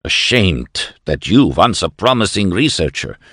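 A man's voice: sits low, big pitch swings, unhurried, fairly bright tone, no room sound, studio quality, heavily acted. A man voicing a small, older male professor who scolds in a stern, formal way.

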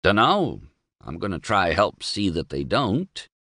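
A man's voice: sits low, very animated, measured pace, bright, forceful tone, dry recording, clean studio sound, heavily acted. A man voicing a wry, outspoken middle-aged man who rambles sardonically and with emphasis. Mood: sardonic.

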